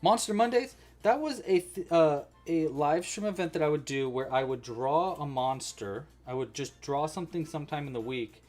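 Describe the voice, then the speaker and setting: A man's voice: on the high side, normal speed, few pauses, a little mellow, soft background music. A man hosting a casual crochet-along livestream, chatty and thinking aloud as he works.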